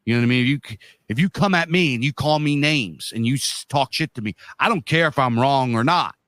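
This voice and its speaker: Talking a little fast in a medium-pitched, slightly bright voice, a podcast co-host in his thirties or forties keeps the chat blunt, profane and slangy. There is no room sound.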